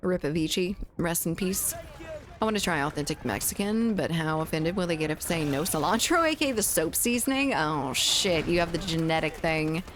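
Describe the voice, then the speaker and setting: A woman's voice: deep voice, animated, moderate pace, a little hiss or hum. Swearing Southern woman streaming a game. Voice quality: laughs often and swears casually. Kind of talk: casual gaming livestream chat.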